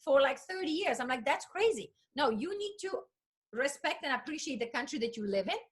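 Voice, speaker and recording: A woman's voice: sits high, sing-song, fairly quick. A woman from Poland, hosting an enthusiastic casual chat over a video call and often repeating words of agreement. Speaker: host.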